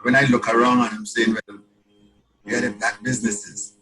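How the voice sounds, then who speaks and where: A Trinidadian man talks through his songs in an easy, animated interview voice, often stumbling over repeated words as he builds a story. His pitch is mid-range for a man, and music plays clearly underneath him. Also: moderate pace, low-quality recording. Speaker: calypsonian guest. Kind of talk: casual interview talk.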